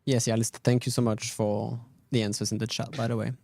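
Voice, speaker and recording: A man's voice: medium pitch, little pitch movement, quick pace, vocal fry, warm tone, no room sound. A man hosting a live game stream, chatting casually about gameplay and answering viewers' questions. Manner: laid-back, rambling, fillers, answers chat. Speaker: stream host.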